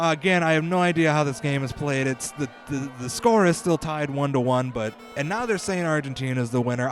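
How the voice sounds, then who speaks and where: A young man hosting a comedy podcast, rambling through a bumbling, self-deprecating mock field report with the odd swear word. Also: on the high side.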